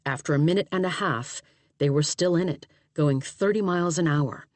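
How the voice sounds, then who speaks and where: A woman narrates an audiobook in a steady, even manner. Her voice sits low, and the booth sound is dead dry with no room at all. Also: normal speed, dry recording. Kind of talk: scripted narration.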